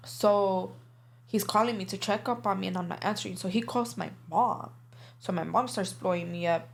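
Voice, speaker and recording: A young woman speaks as a guest in a casual interview, telling her story candidly. Her talk is loose and profane, full of filler words. Her pitch sits in a middle range for a woman. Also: moderate pace, gravelly, a little hiss or hum.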